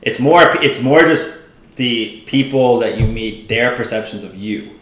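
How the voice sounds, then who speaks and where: A man's voice: mid-range voice, unhurried, a bit bright, echoey room. A man in his twenties from Ireland with an Irish accent, a guest in a casual podcast chat, laid-back and full of "like" fillers and swearing. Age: 20s.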